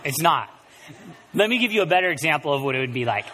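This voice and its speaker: A man preaching a sermon as pastor, animated, swinging between quiet and loud passages. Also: on the high side, fast, some chatter behind, a little hiss or hum. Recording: long reverb of a large room.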